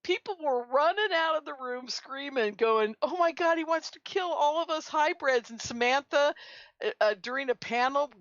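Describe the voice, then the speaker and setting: A woman guest on a radio talk show, telling lively stories and laughing often. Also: high-pitched, normal speed, no echo. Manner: animated storyteller, laughs often. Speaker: guest, conference organizer. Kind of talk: casual radio chat. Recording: muffled lo-fi audio.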